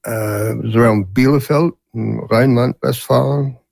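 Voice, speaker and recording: Gravelly older man telling stories. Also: medium pitch, normal speed, a little mellow, no echo. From Canada. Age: 70s. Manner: rambling, with many fillers and restarts. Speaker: guest. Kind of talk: storytelling in a casual interview.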